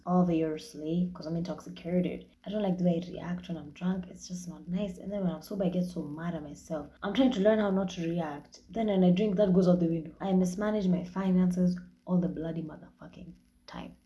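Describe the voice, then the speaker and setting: Frank, mellow-voiced Kenyan woman. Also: lowish voice. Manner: frank and profane, mixing in Swahili phrases. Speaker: podcast host. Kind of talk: candid solo podcast monologue.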